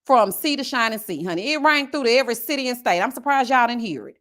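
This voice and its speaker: Animated woman in her forties telling a story. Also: a little high, fast. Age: 40s. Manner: animated, addresses viewers directly. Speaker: vlogger. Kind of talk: casual storytelling.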